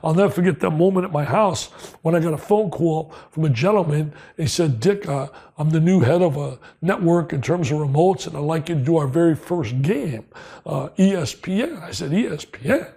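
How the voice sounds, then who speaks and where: An older man from New Jersey, telling stories as a guest in an interview, excitable and emphatic, repeating lines for punch. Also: a little high, brisk, gravelly, breathy edge. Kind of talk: storytelling interview.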